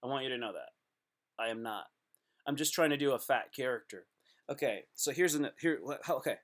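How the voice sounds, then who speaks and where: A man's voice: medium pitch, lively intonation, fairly quick, fairly bright tone. A man live-streaming comedy, rambling and joking, often repeating himself.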